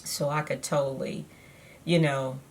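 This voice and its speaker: A beauty vlogger with a bass voice, flat delivery, and measured pace walks through a makeup tutorial at home. She chats in a rambling, easygoing way packed with fillers, and there's a bit of hiss or hum on the recording.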